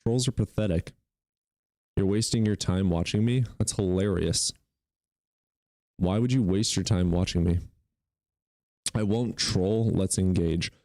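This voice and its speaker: Taunting low-voiced male streamer. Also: measured pace, pauses often, mellow, dry recording, studio quality. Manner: taunting and mocking, swears, bursts into laughter. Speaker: streamer hosting call-in debates. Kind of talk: livestream debate with chat.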